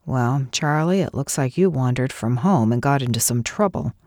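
Lady reading doing a calm kind guy, low soft reassuring voice, close and dry. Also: normal speed, dry recording. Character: kind blond grown man, calm and steady.

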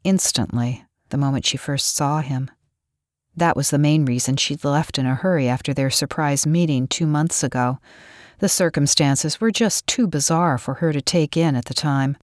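Woman narrator, audiobook reading, low pitch, dry close sound. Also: normal speed, darkish tone, dry recording.

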